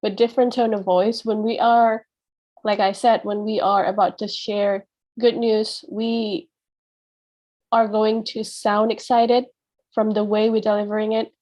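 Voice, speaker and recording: A woman's voice: medium pitch, flat delivery, measured pace, darkish tone. A woman teacher explaining a lesson to her students in a patient, explanatory way, often checking in with "yeah.". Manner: acts out example phrases with a changed tone. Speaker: English teacher.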